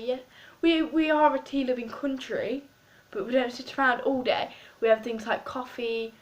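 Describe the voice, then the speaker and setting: A fairly high-voiced woman with an English accent talks through a casual tasting vlog. She rambles and pokes fun at herself in an easy, chatty way. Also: fairly even intonation, normal speed, few pauses, rough recording. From England. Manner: chatty, rambling and self-mocking. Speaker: vlogger.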